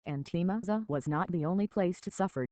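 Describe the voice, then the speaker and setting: An audiobook reader narrates a children's novel in a measured, steady storybook manner with a mid-range voice. The recording is dull, dry and lo-fi, with no room sound.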